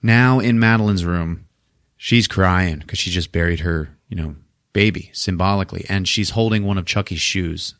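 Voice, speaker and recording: A man hosting a podcast and recapping a horror movie in a casual, profane, animated way, laughing often. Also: deep voice, normal speed, no room sound, studio quality. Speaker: podcast host.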